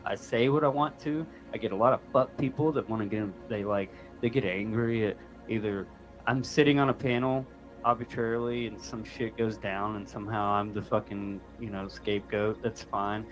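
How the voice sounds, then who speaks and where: A man with a lowish voice runs a loose online panel chat. He talks bluntly and swears freely, shrugging off criticism. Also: fairly even intonation, normal speed, soft background music, poor audio. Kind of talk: profane casual chat.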